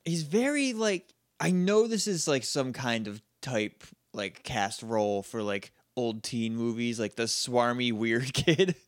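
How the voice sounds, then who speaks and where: A man co-hosts a casual podcast, talking through an episode in a playful way and laughing often. His pitch swings widely. The sound is close and dry. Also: lively intonation, a little slow, no echo. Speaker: podcast co-host. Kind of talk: casual chat recapping an episode.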